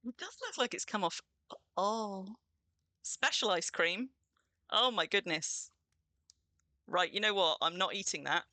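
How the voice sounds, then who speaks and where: Bright, chatty woman streamer. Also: mid-range voice, expressive, measured pace, long pauses, dry recording. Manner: chatty and bubbly, greets viewers. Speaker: streamer hosting a game stream. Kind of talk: casual livestream chat.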